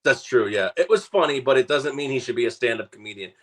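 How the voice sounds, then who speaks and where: A man with a medium-pitched voice talks fast while co-hosting a sports talk radio show. He chats casually and rambles, filling gaps with frequent "uh"s and "so"s.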